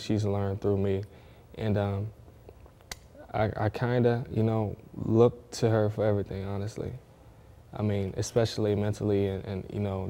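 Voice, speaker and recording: A man's voice: lowish voice, dark tone. A young man from Northwest Ohio, an athlete guest in a casual interview, talking in a laid-back way and often saying "man". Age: young adult.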